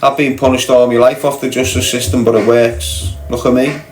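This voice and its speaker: A man's voice: medium pitch, level tone, fairly quick, faint music behind, low-quality recording. A man with a Scouse accent delivering a confrontational, mocking rant as a podcast guest. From Liverpool, England. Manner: confrontational, mocking, blunt and sweary. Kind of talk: ranting monologue.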